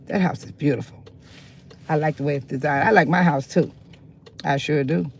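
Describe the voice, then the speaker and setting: A woman talks her way through a casual neighborhood tour. She repeats her points and breaks into sudden loud exclamations. She is recorded on a handheld phone outdoors, with faint traffic noise behind her. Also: lowish voice, creaky, rough recording. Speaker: local vlogger. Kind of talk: casual walking-tour vlog. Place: driving, then walking outdoors in a park.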